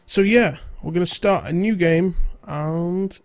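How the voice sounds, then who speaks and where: A man's voice: high voice, slow pace, no room sound, studio quality. A young man with a stuffy nose from a cold, chatting casually as host of a game let's-play. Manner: chatty, rambling, British-sounding slang. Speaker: gaming video host.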